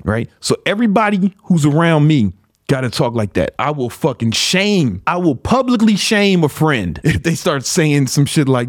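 A man's voice: fairly high pitch, very animated, moderate pace, no room sound, clean studio sound. A man from Chicago hosting a podcast, giving a motivational talk in a blunt, profane, slang-heavy way. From Chicago, USA. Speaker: podcast host.

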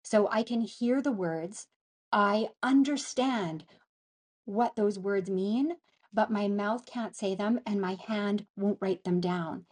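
A middle-aged woman talks as a guest in a casual interview. Her speech is halting, full of restarts and pauses as she searches for words, in a voice of ordinary middle pitch. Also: a little mellow. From northern Canada. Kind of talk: casual conversation.

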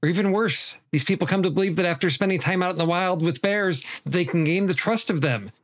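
A man's voice: high-pitched, brisk. A man co-hosting a casual film podcast, earnest, often restarting and repeating words. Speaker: podcast co-host.

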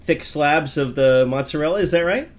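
A man's voice: on the high side, moderate pace. A man hosting a podcast in casual chat, laughing easily and asking the guest eager questions. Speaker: podcast host.

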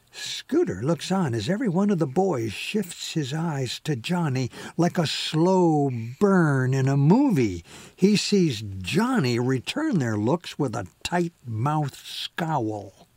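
A man narrating a story in an expressive, lively reading style with a husky voice. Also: a little high, no echo.

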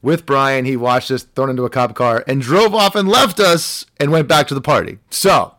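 A young man spinning a casual anecdote as a podcast guest, lively and quick to play out the other people's lines. His voice sits in the middle range and sounds dry and close to the mic. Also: medium pitch, no echo. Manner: animated anecdote telling, acts out quoted voices. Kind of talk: casual storytelling.

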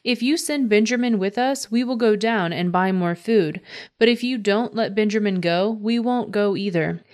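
A woman's voice: medium pitch, moderate pace, a little mellow, natural voice. Woman reading earnest grown son begging his dad, plain storybook read. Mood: pleading. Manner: plain read-aloud delivery. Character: earnest adult brother pleading with his father.

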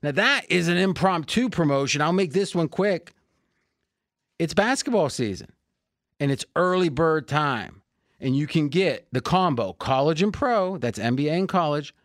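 An American man hosting a sports betting podcast, chatting casually and joking as he pitches betting packages with a salesman's energy. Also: no echo, studio quality. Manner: upbeat salesman-like, joking, laughs often. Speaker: podcast host.

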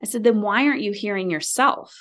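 A woman's voice: medium pitch, fast talker. A middle-aged woman, a leadership coach, talking as a podcast guest and acting out quoted lines as she tells stories. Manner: animated storytelling, acts out quoted lines. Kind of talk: conversational interview.

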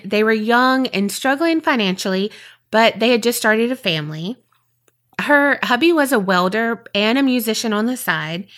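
A woman's voice: mid-range voice, a bit bright. A woman with a Southern US accent, co-hosting a podcast with rambling, chatty talk and then telling a story. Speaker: podcast co-host. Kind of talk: casual chat and storytelling.

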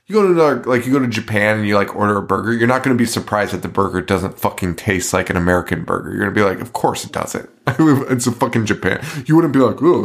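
Profane, ranting man. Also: lowish voice. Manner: profane, ranting, laughing often. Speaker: podcast co-host. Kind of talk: casual chat.

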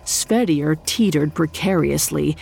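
A woman narrating a dark folk tale in measured, scripted storytelling. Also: low-pitched, vocal fry, slightly rough. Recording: faint music bed behind the voice.

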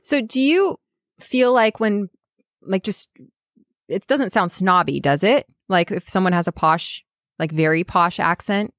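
A woman's voice: mid-range voice, measured pace, no echo. American woman, bubbly guest, chatty, mid-range voice, dry close sound. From United States. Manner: bubbly, laughs often, lots of "like" and "you know". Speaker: podcast guest, English teacher. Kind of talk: casual chat.

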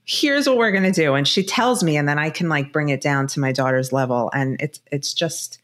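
A woman in her thirties, a guest on a podcast, telling stories in a casual, animated way with lots of filler words. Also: deep voice, moderate pace. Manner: animated storyteller, filler-heavy. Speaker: guest, divorce specialist and author.

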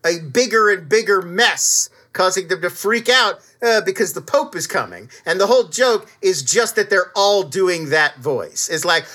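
A man co-hosting a podcast in casual chat, animated and quick to slip into silly character voices. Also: sits high. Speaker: podcast co-host.

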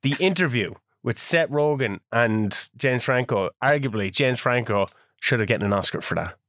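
A man's voice: medium pitch, animated, normal speed, a bit bright, dry recording, clean studio sound. A man co-hosting a podcast, joking crudely and swearing often in casual banter. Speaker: podcast co-host. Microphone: studio microphone.

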